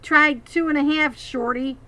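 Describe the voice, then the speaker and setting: A woman voicing a tough, gravelly old man in a storybook reading, calm and commanding. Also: high-pitched, unhurried, pitched above the performer's own voice.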